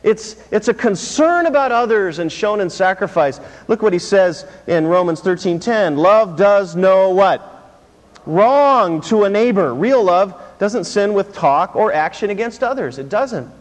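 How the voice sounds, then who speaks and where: A man's voice: high voice, animated, measured pace. A man preaching a sermon as pastor, drawing call-and-response answers from the congregation and repeating words for emphasis. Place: church sanctuary. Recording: long hall reverb.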